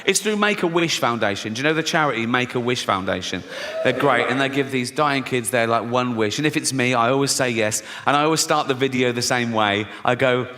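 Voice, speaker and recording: A man's voice: medium pitch, fairly quick, hardly any pauses. An English man doing stand-up comedy on a theatre stage, telling stories in a wry, conversational way. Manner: wry, conversational storytelling with dark punchlines. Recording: hall reverb, faint noise.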